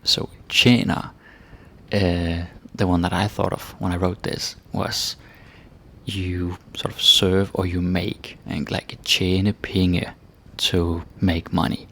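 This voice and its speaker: A man teaching a casual grammar lesson, relaxed and checking in with "right?" and "eh?" as he explains. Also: low voice, slow, gravelly, a little hiss or hum. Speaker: language teacher.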